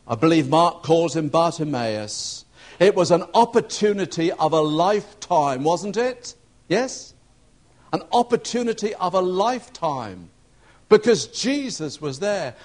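A preacher delivers a sermon as a told story. He pitches his voice fairly high for a man, and he raises it further when he acts out the shouting in the scene.

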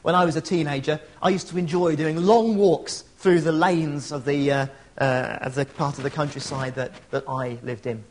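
A man's voice: a little high, steady tone, normal speed, few pauses. A middle-aged man preaching a sermon, earnest and conversational, with storytelling asides. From England.

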